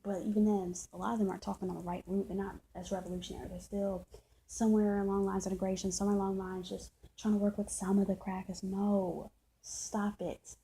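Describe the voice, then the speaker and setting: Heated, preachy woman with a mellow tone. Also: medium pitch, level tone, fast talker, creaky, slight background noise, low-quality recording. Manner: heated, preachy, profane, repeats points. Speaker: vlogger. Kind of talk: impassioned rant to camera.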